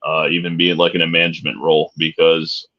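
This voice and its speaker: Middle-aged man, very deep voice, laid-back profane banter, dull lo-fi sound. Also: flat delivery, fast talker. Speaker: podcast co-host. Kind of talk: casual chat.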